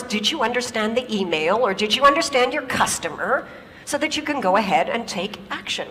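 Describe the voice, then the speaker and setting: A woman and native English speaker giving a lively, humorous talk on stage, often turning to the audience with questions. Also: on the high side, fairly quick, big-room sound, slight background noise. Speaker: conference speaker. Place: large auditorium.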